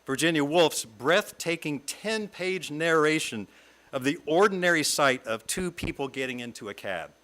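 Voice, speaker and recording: A middle-aged man from the American South, a guest speaker giving a reflective talk read from a script in a lyrical, measured way. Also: a little high, fairly bright tone. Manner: lyrical, measured reading with long lists. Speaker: guest speaker at a fellowship service.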